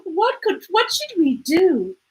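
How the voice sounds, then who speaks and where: A woman's voice: extremely high pitch, huge pitch swings, slow, pitched above the performer's own voice, heavily acted. A woman voicing a stern, loving father with a firm, commanding manner in a storybook read-aloud.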